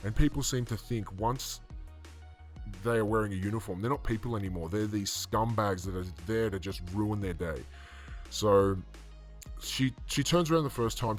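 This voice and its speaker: A man giving casual, indignant commentary on a video clip, rambling with fillers and restarts. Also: fairly low pitch. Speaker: online commentator.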